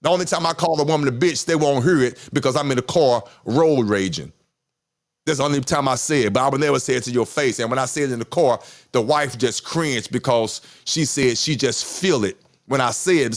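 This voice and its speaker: A podcast host in his 50s talks candidly in a casual chat, rambling, repeating himself and swearing. His voice is mid-range and his pace brisk.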